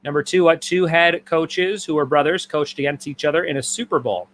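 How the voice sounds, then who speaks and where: A man with a slightly high voice hosts a live-streamed trivia night. He reads answers and questions as lists and repeats them for the players. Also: brisk, fairly bright tone, a little hiss or hum. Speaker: trivia host.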